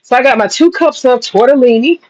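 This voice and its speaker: A woman's voice: high voice, fairly quick, a little mellow, highs cut off. A woman telling stories and cooking in a casual vlog, chatty and profane. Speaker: cooking vlogger.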